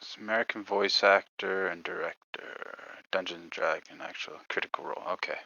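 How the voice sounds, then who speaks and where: A young man in his late teens playing in a tabletop game, chatting in a hesitant, soft-spoken way that trails off. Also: deep voice, fairly even intonation, brisk, vocal fry, dry recording, dull audio. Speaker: player. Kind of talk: casual chat during a tabletop game.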